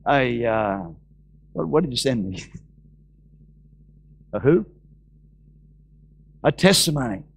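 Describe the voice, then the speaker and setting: High-pitched preaching man, Australian accent. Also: vocal fry. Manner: emphatic, slow repeated Bible phrases. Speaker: pastor. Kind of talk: sermon. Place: church.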